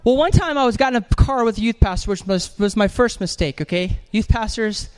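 High-voiced animated man preaching. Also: fairly quick, clear, resonant tone. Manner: animated, joking storyteller acting out voices. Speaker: evangelist preacher. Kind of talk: sermon with storytelling. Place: church.

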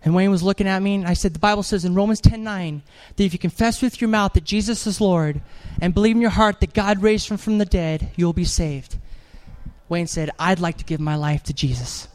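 A man preaching an animated sermon in church, telling a story with jokes and acted-out voices. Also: sits high, a little fast, clear, resonant tone. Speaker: evangelist preacher.

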